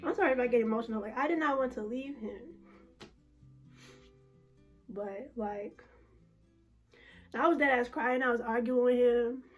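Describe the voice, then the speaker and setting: A woman's voice: fairly high pitch, moderate pace, pauses often, faint music behind. A young woman vlogger telling a personal story in a casual, emotional, slangy way with lots of fillers. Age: young adult.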